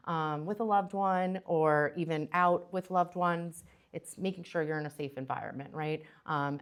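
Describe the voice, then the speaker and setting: A young adult woman with a slightly low voice gives a conference talk. She speaks casually, and her sentences are full of fillers, restarts and quick asides to her listeners. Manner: chatty, many fillers and restarts. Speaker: presenter.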